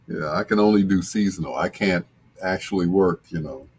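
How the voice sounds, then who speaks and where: An older man hosting a casual live stream with a deep, husky voice, chatting in a relaxed, joking way as he reads out viewer comments. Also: a little hiss or hum. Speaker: host reading viewer comments.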